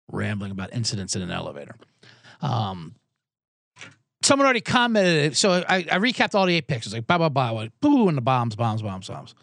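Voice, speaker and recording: A man hosting a podcast in a casual comedic rant, exasperated and sarcastic, rambling with quick asides. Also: mid-range voice, fairly bright tone, no room sound, studio quality. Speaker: podcast host.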